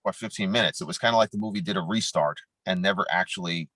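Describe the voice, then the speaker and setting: A man's voice: low-pitched, fast, sharp tone, no echo, low-quality recording. A man from New York co-hosting a podcast, ranting bluntly and profanely in casual chat about a film's plot. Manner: blunt, profane, rants with film and game detail. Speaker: podcast co-host.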